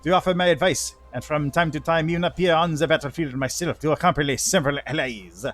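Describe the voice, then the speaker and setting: A man's voice: fairly high pitch, sing-song, fairly quick. A man voicing a solemn, ancient male angel herald in a mock French-tinged, old sci-fi style voice, reading game dialogue.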